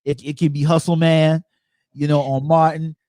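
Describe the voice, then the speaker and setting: A man's voice: fairly high pitch, flat delivery, moderate pace, warm tone, no room sound. Easygoing man hosting a movie chat. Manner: easygoing, tells personal anecdotes. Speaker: host. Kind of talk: casual movie review chat.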